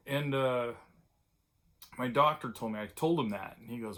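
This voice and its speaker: An older man from California, talking straight to his own camera in a loose, digressive way, full of fillers and restarts. His voice sits at an everyday middle pitch, and he turns wistful and tender when he recalls friends he has lost. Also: moderate pace, long pauses, pushed and bright. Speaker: vlogger. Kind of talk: casual reminiscing monologue.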